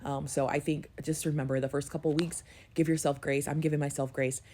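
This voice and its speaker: Young mom vlogging on her phone at home, teary and shaky, low soft voice. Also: level tone, fairly quick, slight background noise. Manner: tearful, voice wavering and dropping to a whisper. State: emotional, close to tears. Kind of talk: candid personal vlog.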